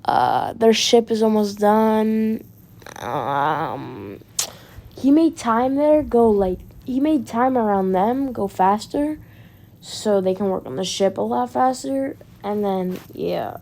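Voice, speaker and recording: A woman's voice: medium pitch, expressive, takes it slowly, vocal fry, warm tone. A woman telling an improvised story in a rambling, casual way, full of fillers and restarts and free with swearing. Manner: swears freely. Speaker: fan storyteller.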